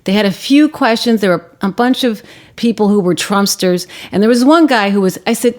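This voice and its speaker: A woman filmmaker recounts an encounter in animated conversation. Her voice sits mid-pitch, and she jumps into the voices of the people she quotes. On heavier moments she goes low and quiet. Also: a little fast. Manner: acts out quoted voices, shifting pitch and volume; drops to a hushed, quiet tone on grim topics. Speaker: guest, documentary filmmaker.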